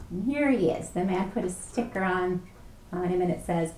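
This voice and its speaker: A woman librarian reading a picture book aloud at a preschool storytime, animated and playful, asking the children questions. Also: on the low side, unhurried, pauses often. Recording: echoey room.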